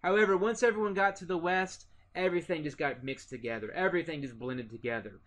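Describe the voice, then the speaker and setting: A man's voice: a little high, fast talker, a bit bright. An American man giving a casual recorded geography lecture, with many fillers and restarts. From United States. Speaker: teacher.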